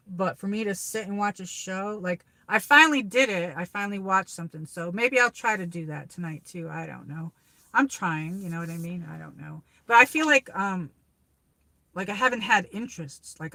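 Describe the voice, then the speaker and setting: A woman's voice: medium pitch, sharp tone, no room sound. A woman from New York with a New York accent hosting a casual livestream chat, rambling and reading viewer comments aloud. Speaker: livestream host. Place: car on a drive.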